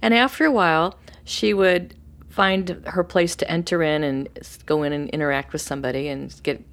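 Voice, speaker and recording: A middle-aged woman telling a story on a podcast, in a low voice for a woman. She talks casually and brings the people she quotes to life with lively, animated voices. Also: moderate pace. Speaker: podcast guest.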